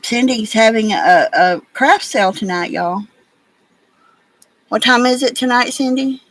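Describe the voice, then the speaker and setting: A woman with an Alabama accent hosts a relaxed beading livestream. She talks in a folksy, rambling way, telling stories and fussing at her beads as she works. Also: a little high, a little slow, dry recording, poor audio. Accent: Southern US (Alabama). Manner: folksy, rambling, chatty storyteller. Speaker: livestream host. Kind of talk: casual chat while beading.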